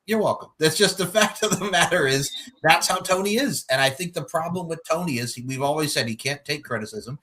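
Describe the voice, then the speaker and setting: Casting: male podcast host, bright forceful voice, profane and jokey. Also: fairly high pitch, brisk. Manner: profane, joking, breaks into mock voices. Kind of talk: casual podcast chat.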